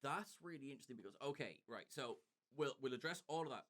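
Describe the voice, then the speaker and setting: A man's voice: mid-range voice, animated, fairly bright tone. Wry man recapping on a podcast. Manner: wry, sardonic, quick asides. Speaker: podcast co-host. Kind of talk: casual podcast chat recapping an episode.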